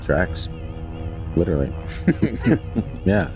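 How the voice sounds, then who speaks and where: A man co-hosting a casual podcast, reading a flight log aloud in a deadpan voice and joking between passages. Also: deep voice, very slow, vocal fry, over music.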